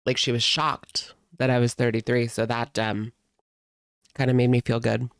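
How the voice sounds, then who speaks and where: A man's voice: mid-range voice, flat delivery, normal speed, vocal fry, a bit bright, clear, resonant tone, no room sound, studio quality. A man in his thirties telling a rambling, amused story in a casual chat with a live audience, with lots of fillers. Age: 30s. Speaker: host.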